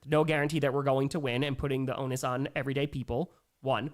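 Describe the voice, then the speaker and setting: A man's voice: mid-range voice, little pitch movement, fast. A young man hosting a casual livestream Q&A, reading viewer messages aloud and reacting emphatically. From New York. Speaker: livestream host.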